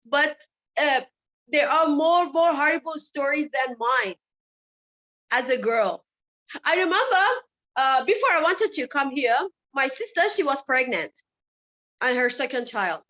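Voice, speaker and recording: A woman addresses a summit audience with personal stories, her voice pitched high and cutting. She presses her point with question after question. The recording sounds muffled and lo-fi. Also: animated, unhurried, long pauses, sharp tone. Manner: impassioned, asks many rhetorical questions. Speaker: summit speaker. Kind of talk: personal storytelling speech. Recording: dull lo-fi recording.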